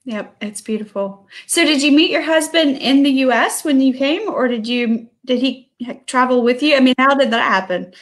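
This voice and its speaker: High-voiced, enthusiastic woman host. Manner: enthusiastic, quick to laugh and affirm. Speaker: interview host. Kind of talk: casual live video interview. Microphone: video call.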